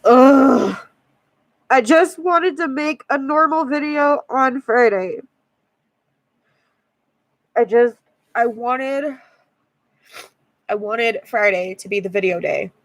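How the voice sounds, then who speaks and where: A woman's voice: a little high, takes it slowly, long pauses, no room sound. Weary, frustrated young woman vlogging. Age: 20s. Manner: frustrated, tired, repeats herself. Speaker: YouTuber. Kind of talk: frustrated vlog rant.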